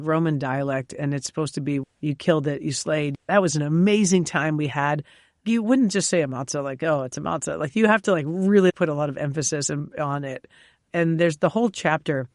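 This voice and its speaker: A woman chef from New York, a guest on an interview show, telling lively stories with frequent laughs and fillers. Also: sits low, no echo, studio quality. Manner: animated storyteller, laughs often, many fillers. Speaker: chef and cookbook author, guest. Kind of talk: casual interview chat.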